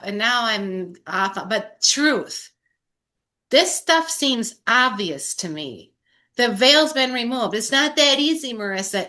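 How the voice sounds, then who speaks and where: A woman's voice: on the high side, expressive, moderate pace, sharp tone. A woman talking in a casual recovery group chat, impassioned and rambling, swearing and laughing as she goes, her voice a little strained. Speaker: sober group member.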